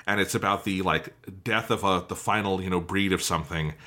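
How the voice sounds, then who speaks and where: A man's voice: deep voice, fairly even intonation, fairly quick, sharp tone. A man co-hosting a podcast, reviewing a game in a casual, enthusiastic, rambling way with lots of fillers. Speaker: podcast co-host.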